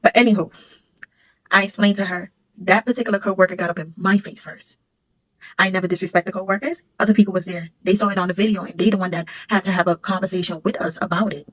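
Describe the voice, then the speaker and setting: A woman, a former security supervisor, casually telling a storytime vlog and acting out what others said. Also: medium pitch. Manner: rapid, animated retelling, acting out what others said.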